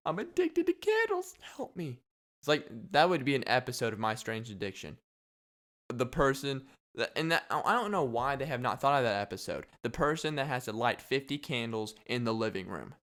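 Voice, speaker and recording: A man's voice: medium pitch, lively intonation, brisk, a bit bright. A young man hosting a casual solo podcast, rambling and joking with frequent laughs. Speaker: podcast host.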